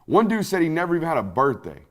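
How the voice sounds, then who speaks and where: A man hosting a sports podcast, telling stories in an animated, profane, casual way. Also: a little high, fast talker.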